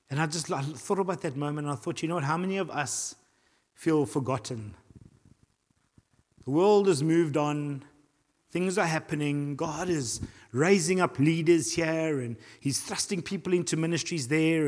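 A man with a South African accent preaching a sermon as pastor, animated, acting out voices and reading scripture aloud. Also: fairly high pitch, moderate pace. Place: church hall. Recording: long hall reverb.

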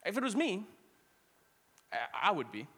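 A man preaching a sermon as pastor, conversational with quick asides and restarts. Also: high voice, huge pitch swings, a bit bright, slightly rough, long reverb tail.

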